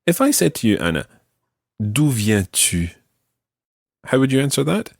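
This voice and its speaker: A Scottish man teaching a language lesson, patiently modelling phrases slowly for the learner to repeat. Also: medium pitch, very animated, vocal fry, no room sound, clean studio sound. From Scotland. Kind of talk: slow, clear language lesson.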